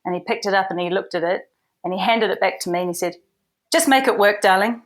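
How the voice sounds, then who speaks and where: A woman's voice: fairly low pitch, fairly even intonation, quick pace. A middle-aged woman, a hair and makeup artist telling stories as a guest in a casual interview, chatty with many "you know" fillers. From New Zealand.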